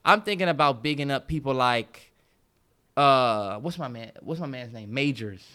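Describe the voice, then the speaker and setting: A man's voice: medium pitch, expressive, normal speed, pushed and bright, clear, resonant tone. A man co-hosting a podcast, riffing in casual chat with emphatic, profane opinions. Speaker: podcast co-host.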